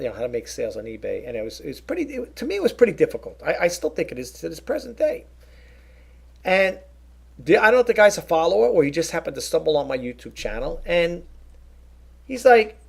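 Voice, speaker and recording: A middle-aged man talks to his viewers in a rambling, earnest vlog and keeps doubling back on his sentences. His voice sits a touch high for a man and has a gravelly, raspy edge. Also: a little mellow. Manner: rambling, earnest, with frequent restarts and asides to viewers. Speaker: YouTube vlogger and eBay reseller. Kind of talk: casual vlog monologue.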